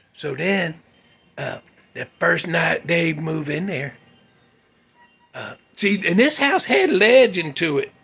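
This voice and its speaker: A man hosting his show, telling a ghost story in a drawling, folksy way that drops into hushed whispers. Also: high-pitched. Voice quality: gravelly, raspy. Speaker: show host.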